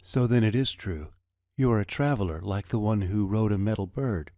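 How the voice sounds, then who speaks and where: A man reading the part of a grave young woman held captive, speaking in measured, formal phrases. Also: fairly low pitch, expressive, mellow, no echo, clean studio sound, natural voice. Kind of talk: audiobook character reading.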